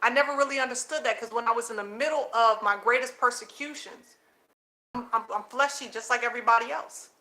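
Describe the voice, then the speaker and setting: A high-voiced woman with a bright, forceful tone preaches to her viewers from home at night. She calls them family, repeats phrases for emphasis and laughs often between points. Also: fairly quick. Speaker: host of her own channel. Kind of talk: casual preaching monologue to viewers. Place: home at night, children nearby.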